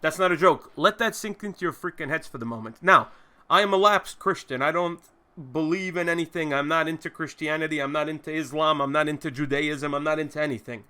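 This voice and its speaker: A man's voice: a little high, brisk, bright, forceful tone, smooth. A man hosting his own show, delivering an emphatic, indignant commentary rant with profanity and long strings of repeated phrases. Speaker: host. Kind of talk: ranting commentary monologue.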